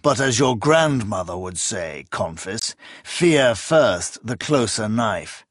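A man voicing a volatile, suspicious emperor who shouts shrill accusations. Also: very animated, slow pace, no echo, clean studio sound, full character voice. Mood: imperious.

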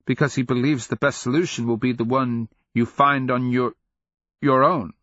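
A man's voice: medium pitch, steady tone, pushed and bright, no echo, muffled recording, pitched above the performer's own voice, natural voice. A man voicing a pale, thoughtful young princess. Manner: measured, thoughtful, faltering restarts. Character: calm, perceptive young princess, teenage girl.

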